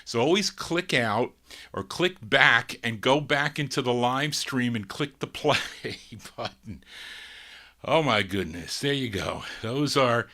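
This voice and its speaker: A man's voice: medium pitch, expressive, slow, sharp tone. A man hosting a live oldies record show, chatting between records and talking to listeners, laughing as he goes. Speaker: oldies radio show host.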